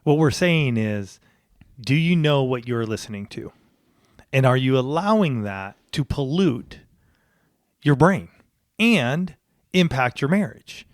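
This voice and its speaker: A man's voice: mid-range voice, lively intonation, slow pace, long pauses, no room sound, studio quality. A middle-aged man co-hosting a talk podcast, speaking earnestly and emphatically, often repeating words. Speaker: podcast co-host. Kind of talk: casual chat.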